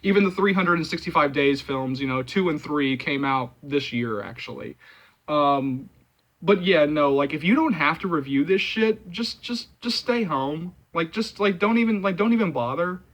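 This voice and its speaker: A man hosts his own movie channel and delivers a heated, repetitive rant, leaning on filler words and swearing often. His voice sits a little high with a bright, forceful edge. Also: lively intonation, moderate pace. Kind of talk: ranting vlog commentary.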